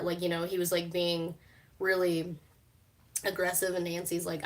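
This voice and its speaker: A woman's voice: on the low side, flat delivery, moderate pace, long pauses, fairly bright tone. A young woman chatting casually on a live stream, laughing a lot, swearing freely and full of fillers. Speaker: streamer reacting to a TV show. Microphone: phone.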